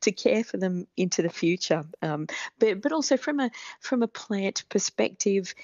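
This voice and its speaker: A woman's voice: mid-range voice, lively intonation, moderate pace, a little mellow, no room sound, muffled recording. A woman answering listeners' gardening questions on a radio talk show, practical and friendly, with frequent ums. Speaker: gardening expert guest. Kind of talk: radio talkback advice.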